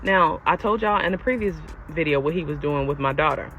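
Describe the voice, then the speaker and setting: A young woman telling a personal storytime to her viewers in a casual, animated and exasperated way. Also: sits low, brisk, faint music behind. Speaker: storyteller vlogger. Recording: lo-fi with faint background noise.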